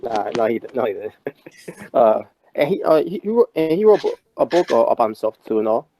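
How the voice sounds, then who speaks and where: A man's voice: mid-range voice, very animated, normal speed, dark tone, slight background noise, low-quality recording. A man co-hosting a podcast, rambling in casual wrestling talk with many restarts and fillers. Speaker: podcast co-host.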